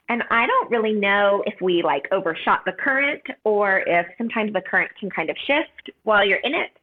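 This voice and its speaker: A woman in her thirties recounts a personal story in an earnest, heartfelt way, dropping in frequent casual fillers. Her voice sits at an ordinary middle pitch for a woman. The sound is thin and narrow, like it comes over a phone line. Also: moderate pace, few pauses. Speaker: podcast guest.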